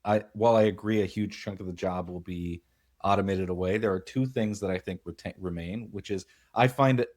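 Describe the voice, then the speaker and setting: Deep voiced guy cohosting a business podcast, thinking out loud, fixes himself mid-sentence a lot. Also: fairly even intonation, a little fast. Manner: musing, storytelling, self-correcting. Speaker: podcast co-host. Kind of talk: casual business podcast chat.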